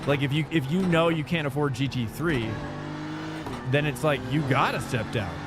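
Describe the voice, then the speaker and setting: A man's voice: fairly high pitch, moderate pace. A man streaming sim racing, chatting loosely and rambling as he talks to his viewers. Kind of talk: casual live-stream chat. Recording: streamed over music. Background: background music.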